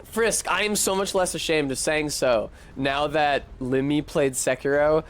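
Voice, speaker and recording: A man's voice: fairly high pitch, unhurried. Profane, exasperated man streaming a game. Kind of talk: casual gameplay commentary.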